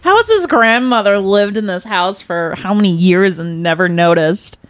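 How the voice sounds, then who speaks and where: A woman's voice: medium pitch, animated, normal speed. A woman co-hosting a podcast, reacting to a story with blunt, joking comments. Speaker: podcast co-host. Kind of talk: casual chat.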